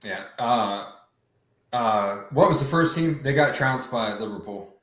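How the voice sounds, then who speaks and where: A man's voice: mid-range voice, lively intonation, a little slow, a bit bright. Canadian man, podcast co-host, joking, crude humor, reverberant room. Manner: wisecracking, profane, mocks accents. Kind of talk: casual chat.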